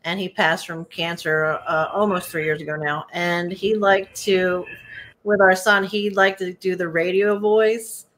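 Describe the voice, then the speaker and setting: A woman's voice: on the low side, fairly even intonation, unhurried, a bit bright, slight background noise. A woman guest, a psychic medium, telling personal stories in a candid, chatty way. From Baltimore. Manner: candid, chatty, laughs at herself. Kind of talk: casual personal storytelling.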